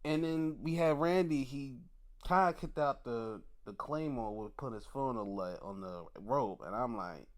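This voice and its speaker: A man reviewing wrestling shows in casual commentary, excitable and profane, often putting on mock outrage. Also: mid-range voice, normal speed.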